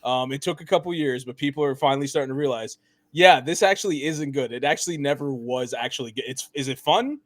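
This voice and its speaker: A man talks in a casual podcast review, animated and quick to laugh, and he slips into mock voices when quoting. The sound is dry and close, with no room around him. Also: medium pitch, no echo. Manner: animated, laughs often, mimics voices in quotes. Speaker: podcast co-host.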